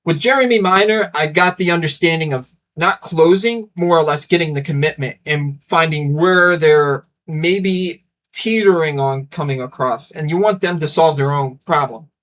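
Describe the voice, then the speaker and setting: Young man, casual vlog host, rambling, enthusiastic, acts out dialogue, slightly high voice. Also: moderate pace, fairly bright tone. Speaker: channel host. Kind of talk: casual talking-head vlog.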